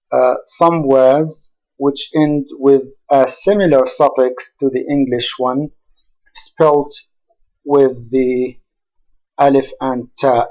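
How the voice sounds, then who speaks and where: A man giving a conference talk as a university lecturer, speaking slowly and carefully with pauses and fillers. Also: mid-range voice, highs cut off. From Jordan. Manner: slow, careful, pausing with fillers.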